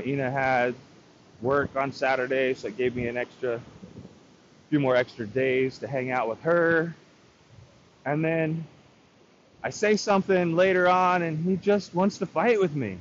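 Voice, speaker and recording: A man rambles through a frustrated personal story, quoting his own side of arguments as he goes. His voice sits fairly high. The recording is muffled and lo-fi, with steady loud noise underneath. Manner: rambling, frustrated, quotes himself in dialogue. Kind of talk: casual storytelling rant.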